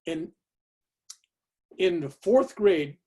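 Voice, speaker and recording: Speaking extremely slowly, a man in his 70s from California shares a personal story as a guest speaker, chatting with the audience and constantly adding "right?" and "you know". His voice sits high, expressive and warm in tone.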